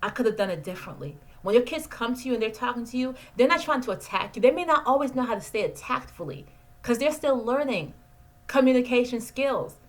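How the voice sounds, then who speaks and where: A Jamaican therapist in her forties gives advice straight into her camera's mic, her fairly high voice animated and brisk. She speaks earnestly, repeating key phrases for emphasis, and the recording quality is low.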